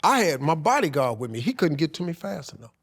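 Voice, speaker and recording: A man's voice: fairly high pitch, sing-song, quick pace, husky. A man, a podcast guest telling emotional, slangy stories. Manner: emotional storytelling, slangy and profane. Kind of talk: candid podcast conversation.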